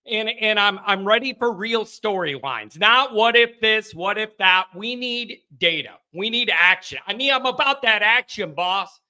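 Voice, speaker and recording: A man's voice: sits high, expressive, measured pace, hardly any pauses, sharp tone. A man hosting a live sports call-in stream, chatting casually from a home studio, rambling and joking with his chat viewers.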